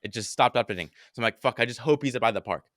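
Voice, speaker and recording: A young man tells a story on a podcast in an animated, profanity-laced way. His voice is bright and forceful. The sound is dry and close, with no room echo. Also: medium pitch, quick pace. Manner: animated, swears often, acts out his own panicked quotes. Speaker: podcast host telling a story. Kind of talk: casual storytelling chat.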